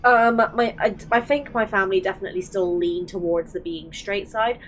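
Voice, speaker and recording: A young woman talks casually, rambling and circling back on herself with lots of fillers. Her pitch sits in the middle, and a faint hiss runs under her voice. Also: moderate pace, a bit bright, low-quality recording. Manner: rambling, many restarts and fillers. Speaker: channel host. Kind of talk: casual chat.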